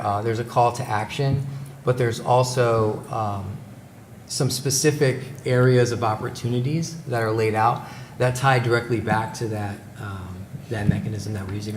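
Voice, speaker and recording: A man giving a formal presentation at a public meeting, hesitant, with many fillers and restarts, on a table microphone in an echoey meeting room with background noise. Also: fairly low pitch. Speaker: presenter for a company's supplier outreach.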